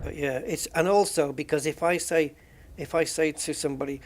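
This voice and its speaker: English male streamer, a touch high-pitched with a fry-edged voice, loose and chatty, laughs at his own jokes. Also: fairly quick, darkish tone, slight background noise. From England. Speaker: game streamer. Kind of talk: casual chat while gaming.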